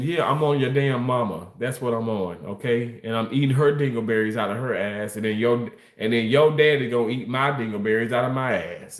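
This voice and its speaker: A man livestreaming and reading chat aloud, making crude jokes and protesting with mock innocence. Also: a bit bright. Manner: voice jumps high when protesting. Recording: roomy echo.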